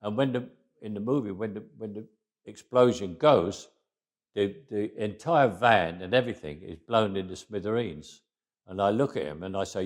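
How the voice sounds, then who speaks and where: In a casual interview, an older man from England with a London accent spins stories in a very low voice at normal speed. Wry and anecdotal, he frequently breaks off to restart a phrase, then drifts into quoting dialogue.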